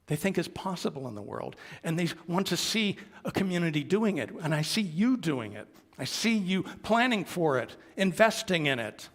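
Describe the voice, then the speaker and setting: A man giving a sermon as a minister, speaking earnestly and conversationally with small asides. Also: a little high. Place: sanctuary of a congregation. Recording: long reverb of a worship hall.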